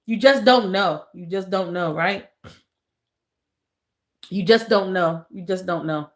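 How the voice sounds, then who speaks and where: A woman hosting a casual livestream, talking with viewers in an emotional, soft way, repeating phrases and calling them y'all. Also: fairly low pitch, slow pace. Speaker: livestream host.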